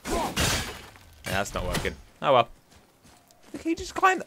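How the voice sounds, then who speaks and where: A young man, a gaming YouTuber, chats and jokes to himself while playing a video game, giving gameplay commentary. His voice sits on the high side with wildly swooping pitch and a slow pace, and there's background noise.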